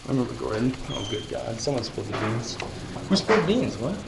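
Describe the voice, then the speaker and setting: A man's voice: medium pitch, very animated, brisk, creaky. A man chatting casually to viewers on a live stream, rambling and swearing now and then. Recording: roomy echo, faint noise.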